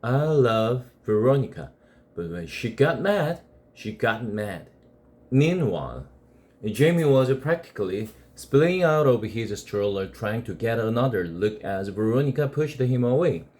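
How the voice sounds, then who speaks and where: A man from South Korea, an English teacher, reading a novel aloud in a slow, expressive way. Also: medium pitch.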